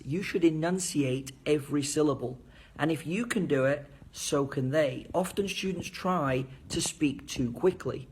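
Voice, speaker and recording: Man, fairly high voice, teacher, lesson at a whiteboard, carefully enunciated. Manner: clear, enunciating demonstrations with hand signals. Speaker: English teacher. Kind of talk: teacher training lesson at a board.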